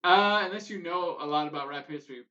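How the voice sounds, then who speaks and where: A young man from the West Coast chats in a laid-back, slangy way. His voice is high and comes from a bit off the mic, with a dull, lo-fi sound. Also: fast, sharp tone, far from the mic. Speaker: podcast co-host. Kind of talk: casual comedic chat.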